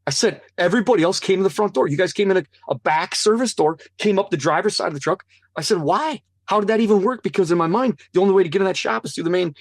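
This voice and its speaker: Animated man with a higher voice. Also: fast, dry recording, studio quality. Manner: earnest, animated, acts out quoted voices. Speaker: interview guest. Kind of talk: personal testimony storytelling.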